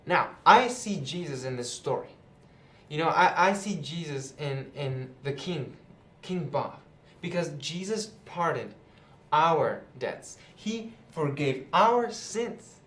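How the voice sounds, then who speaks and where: Young man, casual Bible lesson, chatty, fillers, slightly high voice, roomy echo. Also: animated, slow, a bit bright. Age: young adult. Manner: chatty, with many fillers like "you know" and "right". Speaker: youth Bible teacher, channel host. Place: indoors, seated.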